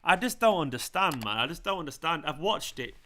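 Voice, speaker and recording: Ranting bright-voiced football fan streamer. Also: male voice, a little high, animated, a little fast. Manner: ranting, swearing, shouting in celebration. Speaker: football fan channel host. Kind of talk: live match watchalong commentary.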